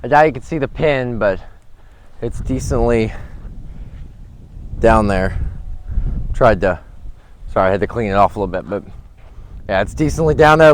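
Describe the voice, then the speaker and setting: A man narrating his own disc golf round outdoors in a windy park, talking casually into a handheld camera. His voice sits at an ordinary middle pitch. He rambles in a friendly way and breaks into excited exclamations when a throw lands. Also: a little slow, long pauses. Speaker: vlogger. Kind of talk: casual commentary while playing. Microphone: handheld camera without a gimbal.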